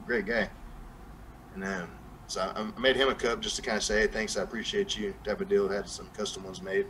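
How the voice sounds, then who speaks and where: A man's voice: fairly low pitch, level tone, a little fast, a bit bright, a little hiss or hum, rough recording. A young man with a Southern accent, chatting casually as a podcast guest and rambling with lots of fillers and restarts. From New Mexico. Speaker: guest rapper.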